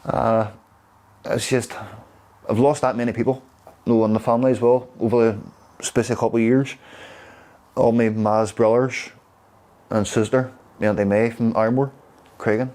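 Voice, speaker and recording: A man from Derry with a Derry accent, telling stories in a rambling, halting way. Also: medium pitch, darkish tone. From Derry, Northern Ireland. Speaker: interviewee. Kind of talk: casual storytelling.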